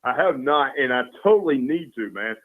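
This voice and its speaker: A man's voice: medium pitch, lively intonation, normal speed. A man calling in as a guest, talking in an easygoing, earnest way, often saying "man". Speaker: guest, caricature artist. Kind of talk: casual chat. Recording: tinny phone line.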